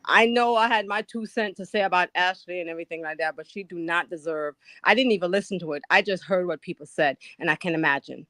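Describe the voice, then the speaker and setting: A woman ranting on a live stream, loud, blunt and profane, swinging from a low grumble to shrieks. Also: fast talker, few pauses, no room sound. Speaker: guest caller on a live stream. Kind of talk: heated live-stream rant.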